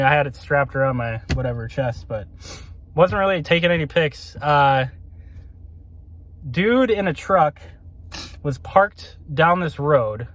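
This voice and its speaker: A man talks straight to his viewers in a loose, chatty way, replaying a roadside confrontation and acting out both voices. His voice sits a little higher than most men's. He circles back over the same points with plenty of fillers. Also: dry recording. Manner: animated, retelling with quoted dialogue, repeats himself. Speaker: street photographer vlogger. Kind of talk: casual storytelling to camera.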